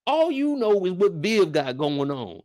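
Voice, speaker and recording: Man, show recap host, mocking rants, high-pitched, very lively, dry close sound. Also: a little slow, dry recording. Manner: mocking, does voices of characters, profane. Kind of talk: animated TV recap commentary.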